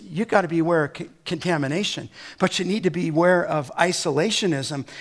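A middle-aged male pastor preaching a sermon, building to emphatic exhortations and breaking into personal stories. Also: high voice. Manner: emphatic preaching with rising exhortations and storytelling asides.

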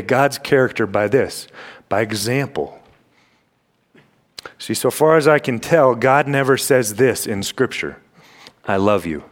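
A young man delivers a sermon in a church sanctuary, his voice sitting at an ordinary middle pitch. He presses his points with emphatic rhetorical questions and clears his throat from time to time. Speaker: campus ministry preacher.

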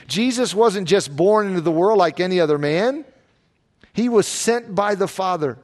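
A man preaching a sermon, emphatic, with repeated phrases. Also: high voice. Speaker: pastor.

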